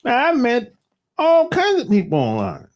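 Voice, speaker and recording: A man's voice: extremely high pitch, huge pitch swings, moderate pace, a little hiss or hum. A man hosting a livestream, chatting casually with viewers in a rambling, profane way and laughing often. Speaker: livestream host.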